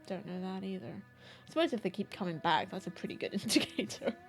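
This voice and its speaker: A woman's voice: mid-range voice, lively intonation, fairly quick, soft background music. A woman chatting casually to her live stream audience, rambling and self-deprecating, laughing often.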